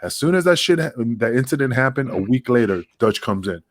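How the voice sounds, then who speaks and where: A man's voice: mid-range voice, fairly quick. A middle-aged man, a podcast guest, telling a story casually with heavy swearing, acting out the dialogue as he goes. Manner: profane, animated, acts out dialogue.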